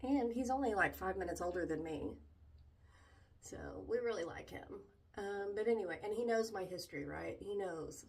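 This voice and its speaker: A middle-aged woman vlogging candidly about her struggles, halting and emotional, with many restarts. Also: mid-range voice, lively intonation, a little mellow, distant mic. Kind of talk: candid personal vlog talk.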